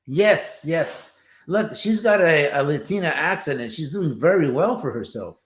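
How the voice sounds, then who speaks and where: Male co-host, raised pitch, reassuring jokey manner, roomy reverb. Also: animated, a little hiss or hum. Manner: encouraging, joking, halting with fillers. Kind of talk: casual interview chat.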